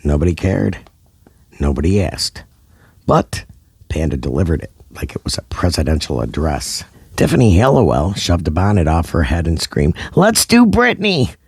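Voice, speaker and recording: A man's voice: deep voice, mellow, breathy edge, dry recording, studio quality. A man narrating a scripted comedy story in a dramatic, over-the-top way.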